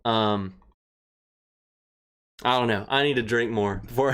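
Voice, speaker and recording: Rambling, excitable male livestream host. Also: medium pitch, a little slow, long pauses, background noise. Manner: rambling, excitable, emotional, greets chatters by name. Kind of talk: casual livestream chat, reading viewer comments.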